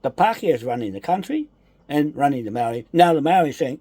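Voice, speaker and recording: A man's voice: fairly high pitch, sing-song, fast, mellow, husky, dry recording. A man delivering an angry, accusatory political rant, repeating his charges with heavy emphasis.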